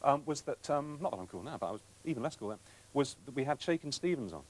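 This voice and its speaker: Lively, fast-talking man telling anecdotes. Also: medium pitch, low-quality recording. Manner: animated storyteller, self-deprecating, quick asides. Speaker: TV presenter recalling his career. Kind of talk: anecdotal interview talk.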